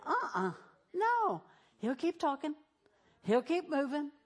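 A woman's voice: high voice, very animated, slow. A middle-aged woman pastor preaching a sermon in a conversational way, acting out the voices she quotes.

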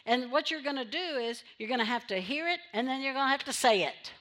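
A woman's voice: sits high, lively intonation, fast, a bit bright. A woman pastor preaching a sermon in church, repeating phrases for emphasis and drawing amens from the congregation.

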